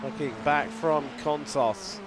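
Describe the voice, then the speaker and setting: Male race caller with a cold, raised pitch, quick play-by-play over loud engine roar. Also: background noise. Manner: lively play-by-play, fillers, restarts mid-sentence. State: has a lingering cold. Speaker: sim racing commentator. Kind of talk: live race commentary. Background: racing car engine sounds.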